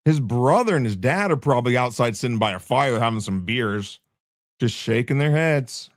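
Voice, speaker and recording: A man streaming late at night, mocking a clip with crude, animated commentary. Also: medium pitch, normal speed.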